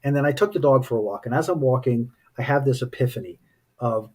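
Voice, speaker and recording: A man's voice: mid-range voice, quick pace, a little mellow, husky. A man speaking as a spiritual teacher in casual, reflective talk, telling personal stories in a thoughtful way. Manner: thoughtful, anecdotal storytelling.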